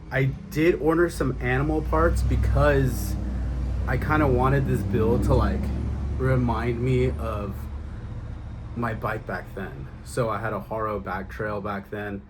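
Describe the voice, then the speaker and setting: A man's voice: mid-range voice, noisy background. A man in his thirties or forties, out of breath after riding, rambling casually with lots of ums in an outdoor vlog. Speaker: BMX rider vlogger. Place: outdoors on a street.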